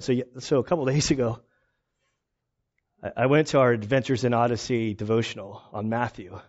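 A male pastor preaching in a casual, storytelling way, animated and self-mocking, often laughing. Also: medium pitch, brisk. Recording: dull lo-fi recording.

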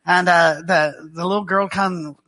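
Middle-aged Glaswegian preacher, bright ringing tone, dry wit, stop-start delivery. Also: male voice, sits high, steady tone. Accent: Glaswegian Scottish. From Scotland. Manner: dry joking storyteller with halting restarts. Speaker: guest preacher. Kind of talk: sermon. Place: church.

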